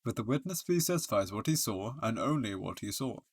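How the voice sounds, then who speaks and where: A man's voice: on the low side, expressive, brisk, husky, no room sound, voice pushed down. A man voicing a formal, stern older male judge while reading a game aloud.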